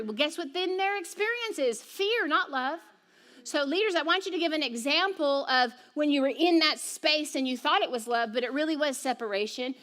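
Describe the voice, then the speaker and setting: A middle-aged woman teaching a spiritual group in a conversational, animated way, often checking in with "okay?". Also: high-pitched.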